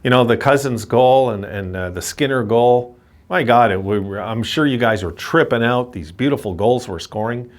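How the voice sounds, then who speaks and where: A man's voice: medium pitch, normal speed. A man giving a frustrated postgame rant as a hockey fan commentator, repeating himself and cursing at his team. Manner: frustrated, ranting, repetitive.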